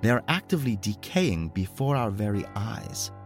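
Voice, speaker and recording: A man playing a tough old career officer, grave and measured, in a storybook horror reading. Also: lowish voice, very animated, faint music behind, pitched above the performer's own voice. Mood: grim.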